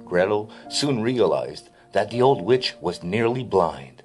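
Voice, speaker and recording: A man reading a classic fairy tale aloud in an expressive storybook narration. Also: lowish voice, slow pace, soft background music.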